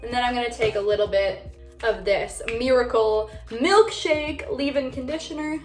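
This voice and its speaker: A woman's voice: a little high, moderate pace, reverberant, faint music behind. A young woman vlogging casually while doing her makeup, bubbly and chatty with lots of "like" fillers. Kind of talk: casual get-ready-with-me chat.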